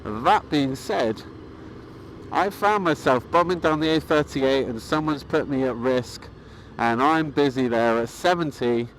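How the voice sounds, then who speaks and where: Calm rambling man, faint traffic. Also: mid-range voice, low-quality recording. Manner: calm, rambling, with frequent fillers and restarts. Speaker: motorcycling vlogger. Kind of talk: casual vlog monologue.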